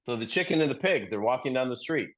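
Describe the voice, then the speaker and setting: A middle-aged man talks earnestly about his own life, his pitch rising and falling in a lively way. He often restarts and repeats himself as he goes. He sounds like he is sharing with a group. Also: quick pace. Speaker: recovery group speaker. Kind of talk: personal sharing in a study group.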